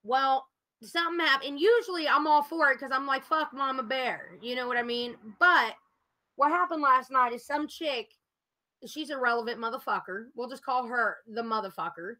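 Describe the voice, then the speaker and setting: Bright-voiced angry woman venting. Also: high voice, normal speed. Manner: irritated, profane venting. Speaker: panel guest. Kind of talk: casual livestream chat.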